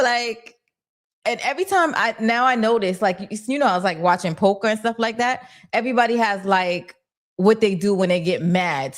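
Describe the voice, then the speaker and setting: A young adult woman hosting a casual livestream, reading viewer comments aloud and answering in lively, slangy talk. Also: mid-range voice. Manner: animated and slangy, talks back to chat. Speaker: host of a TV recap livestream.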